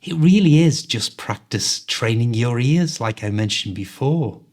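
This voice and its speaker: Mild scouse guy running a quiz, clear, cheery teacher vibe. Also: mid-range voice, lively intonation, unhurried, a little mellow. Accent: Liverpool Scouse, mild. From Liverpool, England. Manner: upbeat, clear, instructive. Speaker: host and English coach. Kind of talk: quiz-show hosting.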